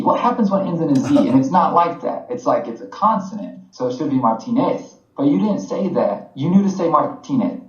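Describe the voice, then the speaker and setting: A man from the United States co-hosting a podcast. He explains in a relaxed, chatty way with plenty of fillers, at a mid pitch. The recording is a little dull and roomy. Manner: relaxed, conversational teaching with fillers. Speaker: podcast co-host. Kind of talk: casual explanatory chat.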